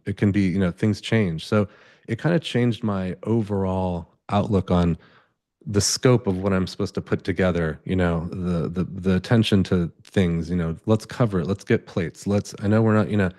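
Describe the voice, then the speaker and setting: On an event space stage, a male photographer being interviewed spins loose, rambling stories, restarting often and performing the dialogue he quotes. His voice is low with a darkish tone.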